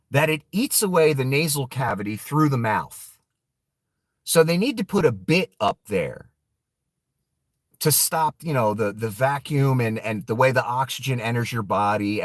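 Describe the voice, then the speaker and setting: A man's voice: medium pitch, no echo. A man giving casual, profane political commentary, laughing often and throwing mocking asides to his viewers.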